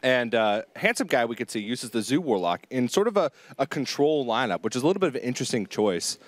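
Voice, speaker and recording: A man's voice: mid-range voice, very animated, fast, dry recording. A man hosting an analysis desk, leading the discussion with questions. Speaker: desk host.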